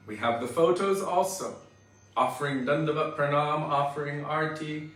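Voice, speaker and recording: Male preacher, fairly high voice, earnest and emphatic, distant mic in a very echoey room. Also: steady tone, moderate pace, a bit bright, faint music behind. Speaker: spiritual teacher. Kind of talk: devotional scripture lecture.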